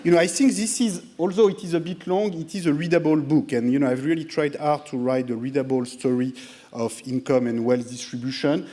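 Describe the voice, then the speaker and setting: A man's voice: on the high side, fairly even intonation, a little fast, warm tone. French-accented man giving a lecture. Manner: hesitant, self-deprecating, frequent "you know" fillers. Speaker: guest lecturer. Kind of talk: public lecture. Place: lecture theatre.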